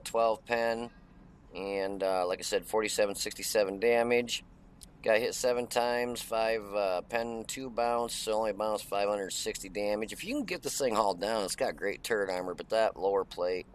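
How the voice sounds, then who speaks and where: A man's voice: lowish voice, normal speed, slight background noise. Folksy middle-aged man narrating gameplay. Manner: chatty, folksy, many uh fillers. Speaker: gaming channel host. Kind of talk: casual gameplay commentary.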